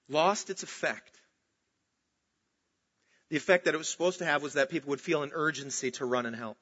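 A man preaching a sermon, emphatic, swinging from loud outbursts to slow, hushed stresses. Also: mid-range voice. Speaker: pastor. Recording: dull lo-fi recording.

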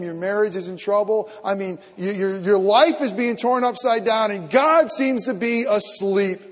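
A man preaching a sermon as pastor, moving from quiet, intimate asides to loud, impassioned shouts, repeating phrases for emphasis with stumbling restarts. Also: high voice, long reverb tail.

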